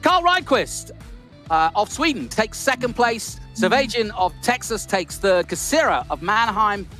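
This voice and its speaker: Brit play-by-play man, high and bright, loud calls then quiet jokey asides. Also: big pitch swings, unhurried, faint music behind. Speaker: lead commentator. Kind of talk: esports race commentary.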